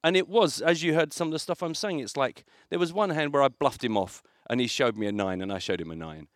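A man talks quickly and casually as a podcast co-host, telling anecdotes and putting on other people's voices when he quotes them. The recording is dry and close. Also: medium pitch, lively intonation, dry recording. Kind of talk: casual chat.

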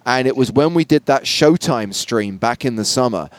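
A man's voice: medium pitch, animated, moderate pace, no room sound. A man hosting an interview show with wry, dry humor. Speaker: show host.

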